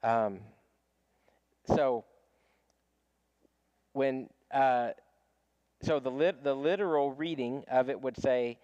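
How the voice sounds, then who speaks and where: A man's voice: mid-range voice, takes it slowly, pauses often, mellow, smooth, no room sound, highs cut off. A man teaching a casual Bible study class, talking conversationally with frequent restarts and small chuckles.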